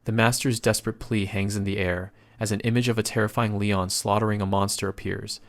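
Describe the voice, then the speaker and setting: Male recap narrator, lowish voice, steady scripted storytelling read.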